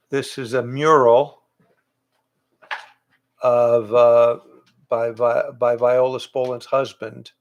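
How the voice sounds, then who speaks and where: An older man, a voice actor and improv teacher, chatting casually with fans on a livestream from home, reading out their questions and answering in a relaxed, rambling way. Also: medium pitch, vocal fry. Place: home, in front of pictures on the wall. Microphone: livestream webcam setup.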